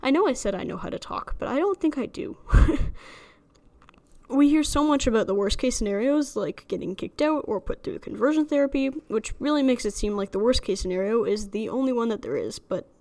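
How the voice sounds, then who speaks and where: A woman's voice: a little high, animated, a little fast, a little mellow. A young woman with a slight lisp hosting a solo podcast, chatty and rambling, joking at her own expense. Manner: chatty, rambling, self-deprecating with frequent laughs. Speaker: podcast host. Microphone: studio microphone alone in a room.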